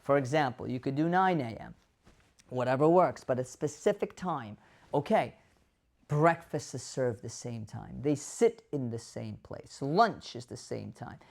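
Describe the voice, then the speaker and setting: A male doctor gives dementia caregivers advice while facing the camera, lively and full of rhetorical questions, acting out quoted voices. His medium-pitched voice is gravelly and unhurried.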